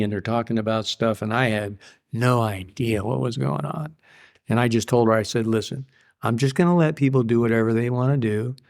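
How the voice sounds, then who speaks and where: A man's voice: mid-range voice, creaky, a little mellow. An older man in a candid interview about his recovery, blunt and profane, telling stories plainly. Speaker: guest.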